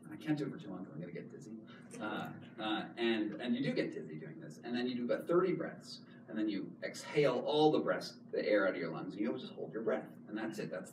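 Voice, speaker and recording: A man in his thirties telling a story in an animated talk, repeating words and laughing often as he goes. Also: on the low side. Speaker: author giving a talk. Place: public hall. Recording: echoey hall, distant mic, noise.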